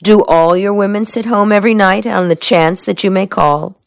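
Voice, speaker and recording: A woman's voice: mid-range voice, normal speed, creaky, no echo, studio quality, voice pushed up, lightly acted. A woman reading the part of a teasing, evasive young woman with a mocking drawl in an audiobook.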